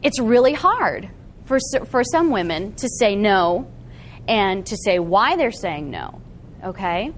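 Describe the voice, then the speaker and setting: A woman giving a live seminar talk to an audience in a meeting room, animated and often checking in with the room. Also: mid-range voice, slow, a little hiss or hum. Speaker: workshop presenter.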